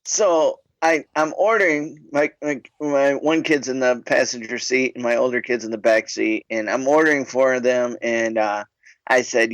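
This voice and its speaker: A middle-aged man with an ordinary mid-range pitch tells casual, rambling stories on a podcast. He laughs easily between lines. The recording is close and dry, with no room sound. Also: steady tone, moderate pace, fairly bright tone, no echo, low-quality recording. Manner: laughs often while telling stories. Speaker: podcast co-host. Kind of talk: casual storytelling chat.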